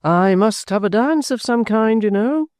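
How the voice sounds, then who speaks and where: A man voicing an anxious, fussy actor with a high, plaintive delivery. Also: animated, unhurried, darkish tone, clean tone, no room sound, clean studio sound. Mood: fretful.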